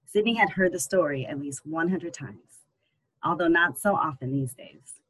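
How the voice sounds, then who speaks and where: Husky audiobook narrator. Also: medium pitch, normal speed, fairly bright tone, rough recording. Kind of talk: scripted narration.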